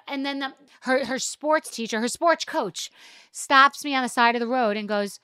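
Woman host, casual rant, self-deprecating, swears, tense bright tone, dry close sound. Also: sits high, normal speed, clean tone, no echo. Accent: New York. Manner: rambling, self-deprecating, profane. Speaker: podcast host.

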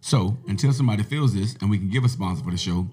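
A man hosting a laid-back podcast, his voice sitting on the lower side. He kids around and hypes the show, swinging from easy talk to loud bursts. Faint music plays underneath. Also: fast talker. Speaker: podcast host. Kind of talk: casual podcast chat.

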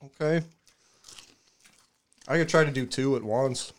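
A man's voice: medium pitch, a little slow. A man in casual livestream chat, wisecracking and swearing while eating.

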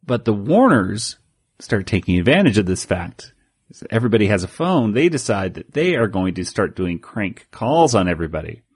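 A man's voice: lowish voice, sing-song, normal speed, husky, dry recording, studio quality. A man co-hosting a podcast, recapping a comic in a rambling, self-interrupting way with frequent laughs. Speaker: podcast co-host. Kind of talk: casual chat.

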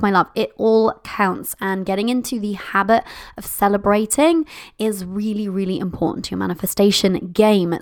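A woman hosting a podcast as a business coach, bubbly and gushing, laughing often and calling listeners "my love". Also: medium pitch. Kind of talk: upbeat podcast monologue.

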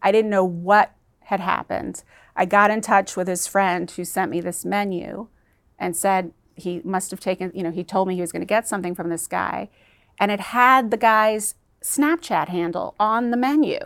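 A woman sits as a guest in an interview and tells a painful personal story. Her voice sits at a middle pitch. She is earnest and emotional, and she halts at times. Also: steady tone, moderate pace, creaky, a bit bright.

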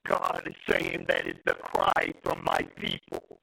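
A man's voice: a little high, completely flat delivery, a little slow, creaky, pushed and bright, low-quality recording. A man preaching a prophetic sermon with rhythmic repeated phrases, breaking his lines with "uh" and "hallelujah".

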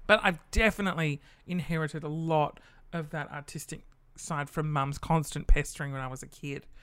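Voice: medium pitch, steady tone, moderate pace, fairly bright tone, clean tone. A podcast host telling a casual story, chatty and loose, swearing freely and acting out the people in it.

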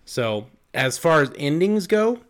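A young man co-hosting a movie podcast in casual chat. His voice sits a bit high and comes through smooth and clear. He gets excitable, swears freely and leans on "like" between thoughts. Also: measured pace. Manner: excitable, swears a lot, lots of "like". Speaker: podcast co-host.

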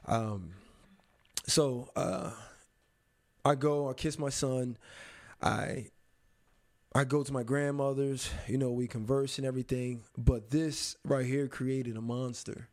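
A young adult man in an interview, telling a personal story in a reflective, halting way with many pauses and restarts. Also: mid-range voice, fairly even intonation, darkish tone.

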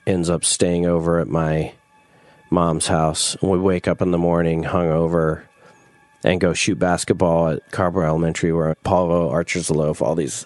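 A man's voice: sits low, a little mellow, dry recording. A man casually telling a long personal story in an interview, swearing freely and filling his speech with "like". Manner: rambling, profane, fillers like "like", laughs often. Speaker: interview guest.

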